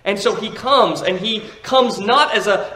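A pastor reading scripture and preaching an emphatic sermon, occasionally correcting himself. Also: male voice, sits high, expressive, measured pace, pushed and bright, roomy sound, poor audio. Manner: emphatic preaching with slips and restarts.

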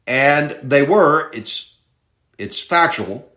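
A man teaching a Bible passage verse by verse in sermon style, reading slowly and stressing key words. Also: on the high side, expressive, a bit bright, reverberant. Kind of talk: expository sermon.

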